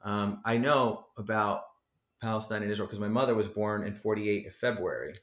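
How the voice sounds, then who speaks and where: A man's voice: on the low side, normal speed. Rambling, cursing man in an echoey room. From New Jersey. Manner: rambling, animated, swears freely. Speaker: rapper, podcast guest. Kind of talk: casual interview chat.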